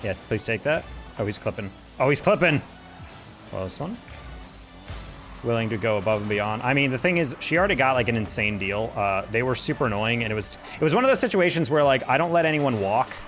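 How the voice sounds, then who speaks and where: A man's voice: medium pitch, expressive, quick pace, a bit bright, soft background music. A man streaming a game, chatting casually and venting in a rambling, conversational way. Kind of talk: casual chat while gaming.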